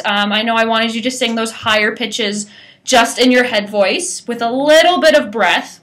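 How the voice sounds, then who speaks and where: Bright, high-voiced woman voice teacher. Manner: explains and demonstrates by singing, often adds "right?". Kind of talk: private singing lesson to a student.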